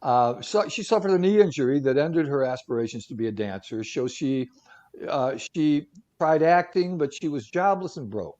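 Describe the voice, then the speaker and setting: A man's voice: a little high, expressive, normal speed, darkish tone. Joking man with a dull lo-fi sound. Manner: jokey, rambling asides with many fillers. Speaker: talk show co-host. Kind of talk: casual storytelling segment.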